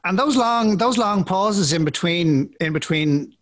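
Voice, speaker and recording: Lively high-voiced Irish man chatting. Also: unhurried. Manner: chatty, stumbling restarts, laughing asides. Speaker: podcast co-host. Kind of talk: casual chat.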